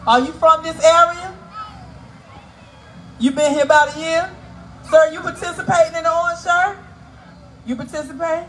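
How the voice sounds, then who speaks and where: A woman emceeing a live outdoor community event on a handheld mic, teasing and working the crowd loudly. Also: extremely high pitch, fairly even intonation, normal speed, pauses often, a little hiss or hum, poor audio. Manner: playful, teasing, loud crowd-work. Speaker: event emcee and radio host. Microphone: handheld microphone.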